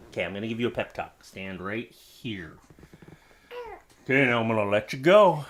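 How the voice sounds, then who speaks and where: A man hosting a casual home vlog, talking playfully and gently to his baby in his home office. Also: fairly low pitch, lively intonation, normal speed, a little hiss or hum. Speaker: YouTube host and new father. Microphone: studio microphone.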